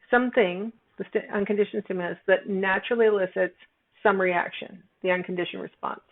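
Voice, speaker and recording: A woman psychology instructor talking through a recorded lesson, explaining step by step with fillers and self-corrections. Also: medium pitch. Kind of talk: recorded lecture walkthrough. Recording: tinny phone-like audio.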